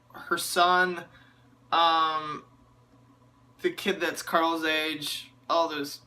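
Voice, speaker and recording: Bright-voiced, sarcastic, rambling TV reviewer. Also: mid-range voice. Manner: rambling, sarcastic, chuckles often; searching for names, frequent fillers. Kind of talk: casual spoken TV episode review.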